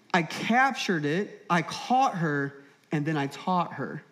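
A man in his thirties with a fairly high voice preaches to a church congregation. He tells stories with lively, humorous energy. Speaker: pastor. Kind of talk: sermon. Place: church auditorium.

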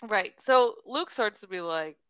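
A woman's voice: medium pitch, expressive, measured pace, fairly bright tone, smooth, no room sound, highs cut off. A woman co-hosting a podcast, chatting casually and teasingly as she quotes the characters. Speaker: podcast co-host. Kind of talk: casual chat recapping a mystery novel.

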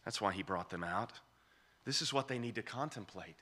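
Male preacher, bright forceful tone, emphatic, repeats his points, expository sermon. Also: on the low side, lively intonation, normal speed. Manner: emphatic, repeats key phrases for weight.

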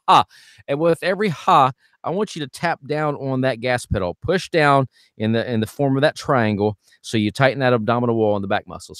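A man teaching singing technique as a vocal coach, animated and demonstrating sounds as he explains. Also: mid-range voice, no room sound, studio quality. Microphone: studio microphone.

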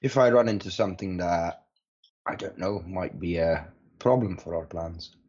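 A man playing a guarded rogue woman, low and husky. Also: moderate pace, darkish tone. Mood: probing. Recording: muffled lo-fi mic.

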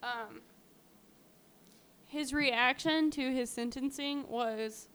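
A woman's voice: sits high, drawn-out words, a bit bright, clear, resonant tone. A woman co-hosting a podcast, telling a true-crime story in a chatty way with lots of fillers. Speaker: podcast co-host. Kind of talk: casual true-crime chat.

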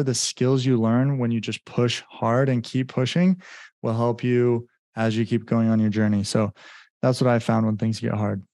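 Heard without echo, this medium-pitched, slightly mellow male voice belongs to a business coach guesting from his home in Mexico. He rambles through his story casually, using many fillers and acting out quotes.

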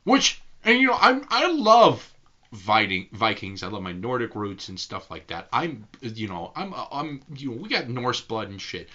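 A man's voice: fairly low pitch, sing-song, moderate pace, bright, forceful tone, highs cut off. A man co-hosting a podcast in casual banter, swearing freely and jumping into mocking voices. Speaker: podcast co-host.

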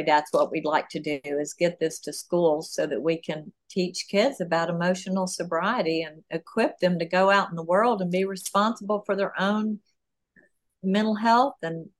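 A woman being interviewed as an author on a podcast, talking through her ideas in an animated way with plenty of fillers. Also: fairly low pitch. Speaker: author and guest.

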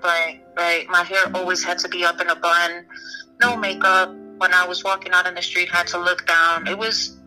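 A young woman guest speaking candidly in an interview, halting and restarting often with many "you know"s. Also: fairly low pitch, flat delivery, over music, low-quality recording. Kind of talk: personal story in an interview.

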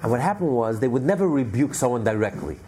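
A man teaching a religious class, telling a story in an animated way with frequent restarts. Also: mid-range voice, quick pace, slight background noise.

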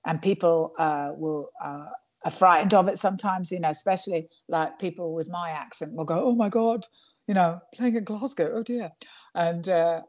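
A woman's voice: lowish voice, a little mellow. A woman stand-up comedian chatting in an interview, digressive and full of restarts. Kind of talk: casual interview chat.

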